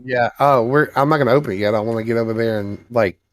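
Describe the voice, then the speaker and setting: A man's voice: mid-range voice, fast talker, dry recording. A man playing a tabletop game, chatting casually and reading spell rules aloud. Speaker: player.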